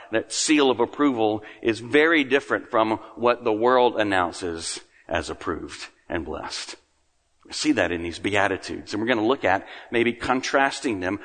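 A man preaching a sermon as pastor, earnest, lifting his voice for emphasis and then dropping to a hush. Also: on the low side. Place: church sanctuary. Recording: long reverb of a large room.

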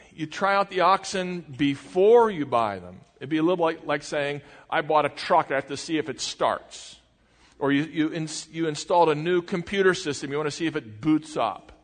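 A male pastor giving a sermon in a conversational way, asking the congregation questions as he goes. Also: on the high side. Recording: long reverb of a large hall.

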